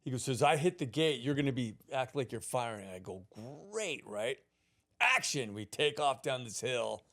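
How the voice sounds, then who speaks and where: Male podcast host, mid-pitch, animated storyteller, laughs easily. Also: normal speed. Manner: animated anecdote-teller who laughs often. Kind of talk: casual chat.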